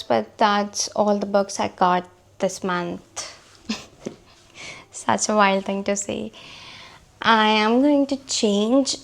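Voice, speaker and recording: A woman vlogging casually about her books, her voice hoarse from a cold, chatty and self-deprecating. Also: fairly high pitch. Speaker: book vlogger.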